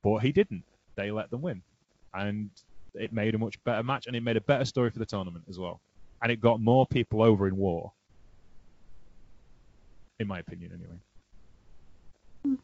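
A man hosting a casual wrestling podcast, chatty and animated, laughing often as he tells stories. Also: fairly low pitch, normal speed, long pauses, no room sound. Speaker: podcast host. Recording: dry, dull lo-fi sound.

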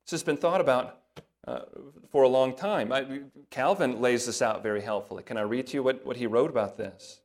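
A man preaching from the pulpit, working steadily through a passage of scripture. He reads the verses with lifted emphasis and drops to a softer, lower voice for brief asides. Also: a little fast. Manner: breaks into soft asides in a lower voice. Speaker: pastor. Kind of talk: sermon.

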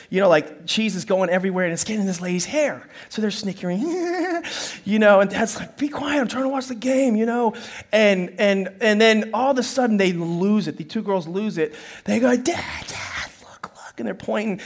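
A man with a high, light voice preaches to his congregation in a playful, storytelling way. He speaks straight to the listeners as he leads them through the sermon. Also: fairly bright tone. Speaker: pastor.

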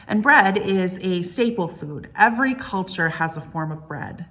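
A woman preaching a sermon in a calm, reflective way. Her voice sits on the low side, and she leads her listeners through a string of gentle questions. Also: unhurried. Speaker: pastor.

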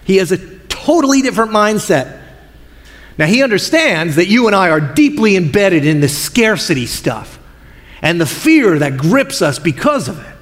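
A male pastor preaching a sermon, telling Bible stories in an expressive, colloquial way. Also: high-pitched, normal speed. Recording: long hall reverb.

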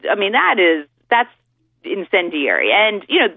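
A woman's voice: mid-range voice, huge pitch swings, normal speed, gravelly, no room sound. Woman talking over a tinny phone line. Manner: talkative, hesitant fillers, laughs easily. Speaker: legal commentator guest. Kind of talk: casual political talk radio.

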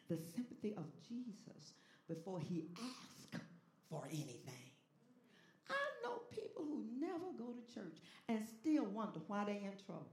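Animated preacher in an echoey sanctuary. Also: medium pitch. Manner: call-and-response preaching, swinging between hushed and shouting. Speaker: pastor. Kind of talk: sermon.

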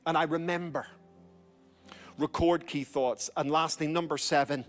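A middle-aged man preaches to his congregation in a fairly high voice. He presses his points urgently and repeats short commands for emphasis. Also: moderate pace, fairly bright tone, faint music behind. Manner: urgent exhorting preacher, repeats key phrases. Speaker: pastor. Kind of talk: sermon.

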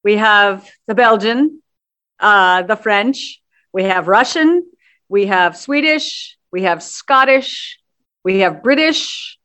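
A woman, a theater director, answering interview questions in a measured way with frequent ums. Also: mid-range voice, expressive, pushed and bright.

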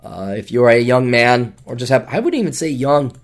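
A middle-aged man hosting a solo podcast, talking in a sarcastic, rambling way with big jumps in pitch for emphasis. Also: big pitch swings, normal speed. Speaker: podcast host.

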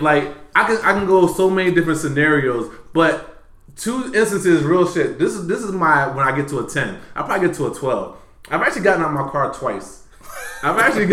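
A podcast host with a slightly high voice tells a story in relaxed podcast chat, animated and profane. He swings from loud bursts to quiet mutters, and the space around him is roomy and echoey.

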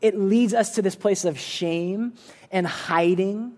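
A man's voice: high voice, slow, darkish tone. A man preaching a conversational sermon in a church, earnest and informal, often restarting his sentences. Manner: earnest, casual, many restarts and "like" fillers. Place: church service room.

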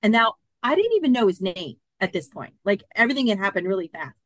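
A woman in her fifties talks fast in a mid-range voice with no room sound. As a podcast guest telling a personal story in an interview, she's animated and acts out the quoted dialogue.

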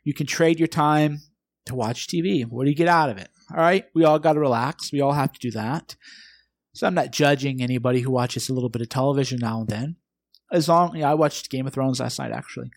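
A man's voice: mid-range voice, brisk, no room sound. A man hosting his own podcast, delivering an emphatic motivational monologue straight to the listener and peppering it with rhetorical questions. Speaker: podcast host.

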